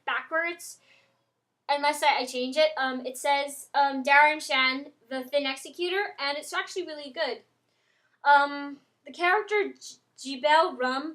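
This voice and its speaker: Rambling high-voiced young woman vlogger. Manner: rambling, many ums and restarts, excitable. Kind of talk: casual chat to camera.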